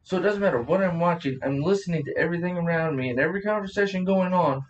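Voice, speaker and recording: Guy with a high voice swearing a lot and laughing, sounds kinda far from the mic. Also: fast, highs cut off, slight background noise. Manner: crude, profane, laughs often. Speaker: podcast co-host. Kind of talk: casual chat.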